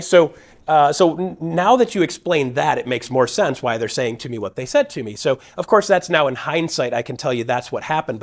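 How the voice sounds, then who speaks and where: A middle-aged man of ordinary pitch tells a long personal story to an audience. He keeps it energetic and casual, jumping into other voices whenever he quotes someone. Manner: energetic, acts out quoted dialogue with shifting voices. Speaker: guest speaker at a real estate event.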